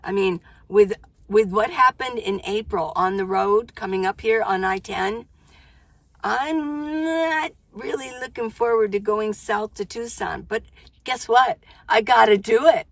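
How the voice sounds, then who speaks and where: A woman's voice: medium pitch, measured pace, no echo. An older woman, a van life vlogger, talking casually to camera in a chatty, exclamatory way, often breaking off mid-sentence. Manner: chatty, self-interrupting, exclamatory. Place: inside her minivan.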